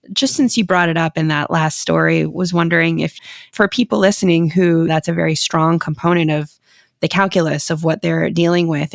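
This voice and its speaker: A woman's voice: sits low, vocal fry, no room sound, studio quality. A woman hosting a podcast, asking interview questions in an appreciative way. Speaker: podcast host, doctor.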